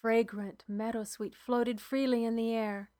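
A woman narrating a novel in the first person, in a measured, hushed storytelling manner. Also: fairly high pitch, little pitch movement. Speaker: audiobook narrator.

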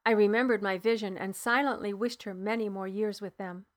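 A woman narrating an audiobook in the first person, measured and soft, dropping low at dialogue tags. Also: fairly even intonation.

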